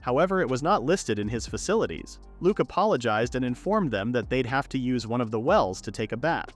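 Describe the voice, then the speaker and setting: Male narrator, lively up-and-down pitch, steady scripted story read, faint music underneath. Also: brisk. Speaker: recap narrator.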